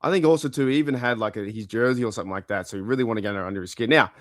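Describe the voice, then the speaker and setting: Fast-talking man, casual podcast chat. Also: medium pitch, no echo, clean studio sound. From Australia. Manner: rambling storyteller, swears casually. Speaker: podcast co-host.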